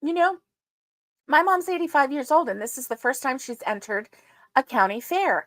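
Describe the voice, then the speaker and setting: A woman's voice: sits high, expressive, normal speed, a bit bright, no room sound. A woman hosting a casual livestream, chatting and rambling with many fillers and greeting her viewers. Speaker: livestream host. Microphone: streaming setup.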